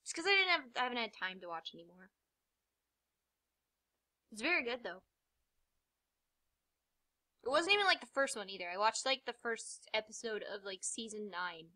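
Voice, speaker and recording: A woman's voice: on the high side, lively intonation, normal speed, pauses often, pushed and bright. A young woman giving rambling, self-mocking let's-play commentary, swearing freely, with sudden yelps and muttered asides. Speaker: gamer.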